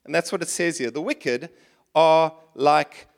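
A man's voice: a little high, a little slow, gravelly. A middle-aged man, preaching a sermon in church in a conversational style, often restarting and going off on asides. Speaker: pastor.

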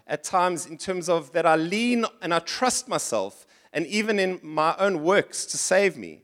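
A man's voice: sits high, fairly bright tone. A middle-aged man, preaching a sermon in church in a conversational style, often restarting and going off on asides. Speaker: pastor.

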